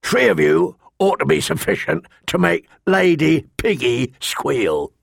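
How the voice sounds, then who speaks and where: A man voicing a cruel, mocking master-at-arms with a sharp, cold voice in an audiobook. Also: a little high, big pitch swings, a little slow, vocal fry, no echo, clean studio sound, pitched above the performer's own voice, full character voice.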